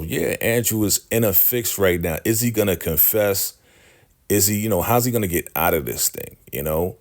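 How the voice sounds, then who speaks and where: A man casually recapping a TV episode, acting out the characters' lines and laughing often. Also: sits low. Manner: retells scenes by acting out dialogue in shifting voices; laughs often, slangy chat. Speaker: recap host.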